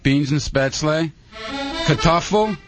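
A man's voice: fairly high pitch, slow, music in the background. A man co-hosting a radio show, playful and boisterous, joking about his interviews. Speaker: radio co-host and reporter. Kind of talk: casual radio chat.

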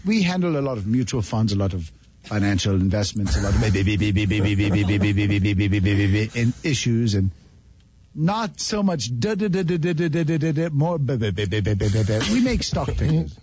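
A man's voice: medium pitch, sing-song, a little fast, darkish tone, slightly rough. A man voicing an odd, stammering male businessman prank caller who mumbles beeps in place of numbers. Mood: insistent. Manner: mumbles beep sounds in place of numbers and stutters. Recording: dull phone-call archive.

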